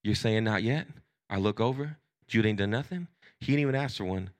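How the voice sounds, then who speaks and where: A man's voice: lowish voice, fairly quick. A man preaching a sermon as pastor, telling family stories in a casual, conversational way with slang and some laughter. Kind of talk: sermon with storytelling.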